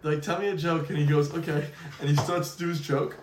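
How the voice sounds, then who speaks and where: A man's voice: on the high side, quick pace, reverberant, recorded from a distance, a little hiss or hum. A young man co-hosting a podcast, telling stories animatedly and laughing often. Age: young adult. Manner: animated storyteller, laughs a lot. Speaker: podcast co-host. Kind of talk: casual chat, storytelling.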